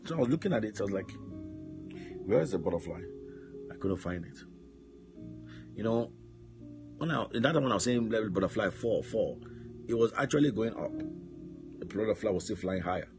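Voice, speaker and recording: A man preaching a sermon, telling stories and now and then shouting out commands, with repeated words. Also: on the low side, animated, normal speed, long pauses, music in the background.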